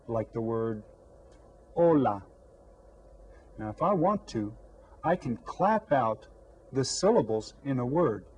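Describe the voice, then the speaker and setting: A man with a mellow, darker voice leads a scripted Spanish lesson for young children. He speaks slowly and clearly, asks questions and leaves room for answers. There is a faint hiss in the background. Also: mid-range voice, low-quality recording. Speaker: elementary Spanish teacher.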